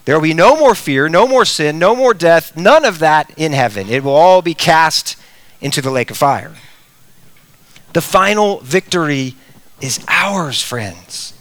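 A middle-aged man preaching a sermon, animated, with big swings in pitch and volume, sometimes speaking straight to the children. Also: a little slow, no echo. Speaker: pastor.

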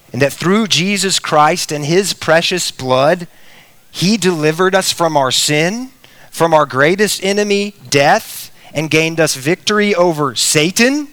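A middle-aged man preaching a sermon, animated, with big swings in pitch and volume, sometimes speaking straight to the children. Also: no echo. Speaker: pastor.

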